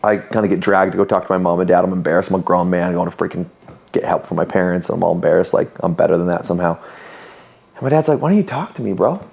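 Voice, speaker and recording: Deep-voiced and creaky, this man in his 30s speaks quickly as a podcast guest. A business owner, he shares personal stories in a casual interview, animated and candid, acting out quoted voices.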